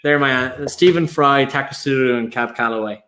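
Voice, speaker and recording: A man's voice: medium pitch, moderate pace, bright, forceful tone, slight background noise. A man with a mid-range voice, speaking as a guest on a casual live-stream chat. He talks in a chatty, easygoing way and often restarts his sentences as he goes.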